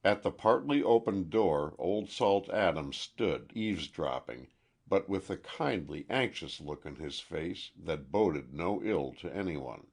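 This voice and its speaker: A man reading a mystery audiobook aloud in a measured, expressive way. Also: low voice, gravelly, breathy edge. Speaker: audiobook narrator.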